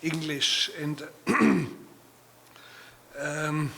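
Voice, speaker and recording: German-accented man as guest speaker, unhurried and flat delivery, bright tone, deliberate pauses. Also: fairly high pitch, slight background noise. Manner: measured, deliberate speech with pauses and fillers. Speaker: guest author. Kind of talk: public talk and reading.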